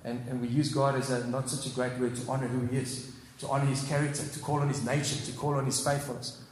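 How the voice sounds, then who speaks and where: A man's voice: mid-range voice, level tone, fast talker. Man preaching in echoey hall. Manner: earnest, repeats phrases, rises to fervent exclamations. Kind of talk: sermon. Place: church hall. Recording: echoey hall with long reverb.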